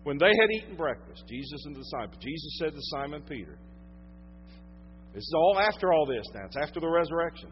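A man with a Southern US accent, preaching a sermon as a pastor. He swings from loud emphasis to hushed tones and draws out his phrases. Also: a little high, big pitch swings, fast talker, dull audio, slight background noise.

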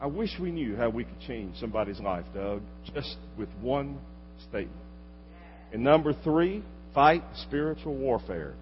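A pastor delivering a sermon, swinging from loud exhortation to quiet asides. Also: male voice, medium pitch, sing-song, moderate pace. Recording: dull lo-fi recording with long hall reverb and faint hum.

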